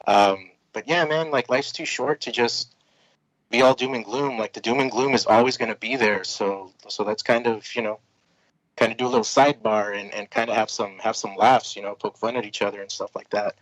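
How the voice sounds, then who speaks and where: A man's voice: on the low side, a little fast, poor audio. A man, a comic book creator, chatting casually as a podcast guest, rambling with lots of fillers and restarts.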